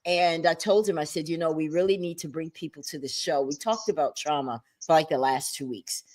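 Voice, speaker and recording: A woman hosting a livestreamed talk show from a home setup, animated and chatty with playful asides. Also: deep voice, fairly quick.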